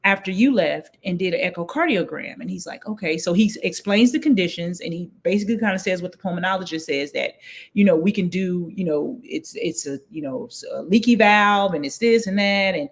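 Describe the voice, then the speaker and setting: A woman, a guest telling her story in a casual interview, acting out what others said in lively voices. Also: on the low side, brisk. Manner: animated, acts out quoted voices.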